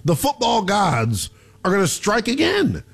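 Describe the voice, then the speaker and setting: A man hosting a sports radio call-in show, taking callers in a loose, joking way and breaking into laughter and shouts. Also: high voice, a little slow, vocal fry. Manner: animated, laughs often, jumps into shouts.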